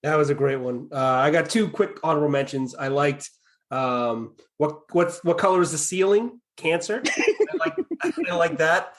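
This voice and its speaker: A man's voice: a little high, normal speed, a bit bright. Easygoing man hosting a podcast. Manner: easygoing, laughs along, leads the segments. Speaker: podcast host. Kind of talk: casual podcast chat.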